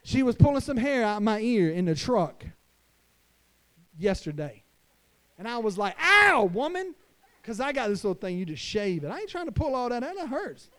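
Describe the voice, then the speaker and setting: A man pastor preaching a sermon to fathers, emphatic, swinging between hushed lines and loud declarations. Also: high voice, very animated, normal speed. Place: church.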